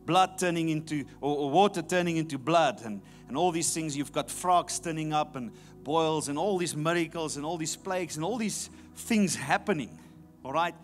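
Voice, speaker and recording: A man's voice: a little high, moderate pace, soft background music. A man preaching a sermon emphatically, repeating his key phrases. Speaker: pastor.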